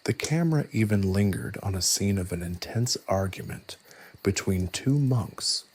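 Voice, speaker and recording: A man narrating a scripted story in a soft, hushed, evenly paced reading voice. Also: lowish voice, lively intonation, normal speed, slightly rough.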